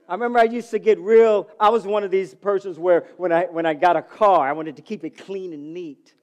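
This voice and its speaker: A middle-aged man preaching a sermon as pastor, calling out to the congregation and swinging from loud to soft. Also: high voice, steady tone, a little fast, hardly any pauses. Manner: calls to the congregation.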